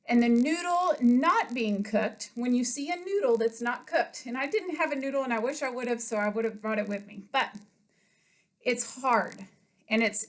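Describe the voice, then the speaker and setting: A woman, an elementary school PE coach, leading children through a home workout, counting reps aloud and explaining in simple words while a little out of breath. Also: fairly high pitch. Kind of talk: home workout lesson for kids. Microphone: webcam from across the room. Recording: roomy webcam sound from a distance.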